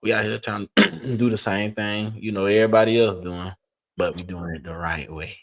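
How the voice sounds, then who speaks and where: Male guest, very low voice, laid-back and slangy. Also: normal speed, slight background noise. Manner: relaxed, slangy, rambling. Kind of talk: casual live-stream chat.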